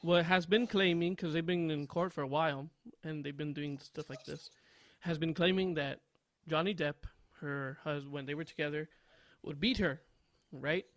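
A young man co-hosting a podcast, rambling and laughing loudly at his own stories. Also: on the high side, moderate pace, hardly any pauses, no room sound. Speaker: podcast co-host. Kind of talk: casual podcast chat.

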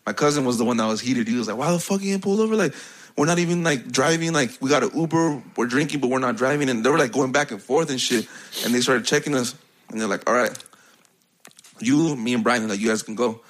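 A man's voice: mid-range voice, fairly quick. A young man spins a rambling, profane story in casual chat. His talk is loose and full of slang, and laughter keeps breaking in. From United States.

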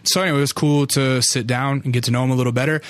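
A man's voice: mid-range voice, steady tone, racing, no echo. A man hosting a podcast, telling a rambling, casual story intro full of fillers and swearing. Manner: loose and profane, full of fillers. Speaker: podcast host.

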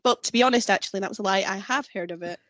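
A woman co-hosts a casual true-crime podcast with playful, teasing banter and frequent laughs. Her voice sits at a middle pitch, recorded dry and close. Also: very fast, fairly bright tone, no echo. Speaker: podcast co-host.

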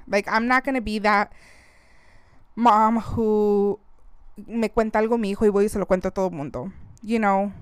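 A woman's voice: medium pitch, clear, resonant tone, no echo. A woman in her thirties hosting a casual podcast, chatty and close to tears, slipping Spanish phrases into her talk. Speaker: podcast host. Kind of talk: casual chat.

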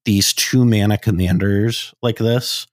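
A man's voice: lowish voice, steady tone, measured pace, dry recording, studio quality. A man co-hosting a casual podcast, talking thoughtfully with hedges and restarts. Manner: thoughtful, hedging, frequent fillers and restarts. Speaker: podcast co-host.

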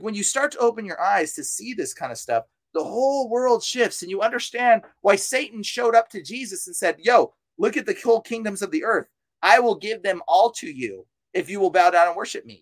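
On a podcast, an exorcist guest preaches in a high voice with fervent, insistent energy, returning again and again to the same points. Slang like "dude" and "bro" slips in, and the audio is close and dry without room echo.

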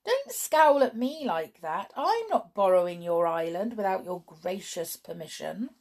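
A woman voicing a gentle, sensible young girl who speaks in a coaxing, reasonable way. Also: mid-range voice, sing-song, unhurried.

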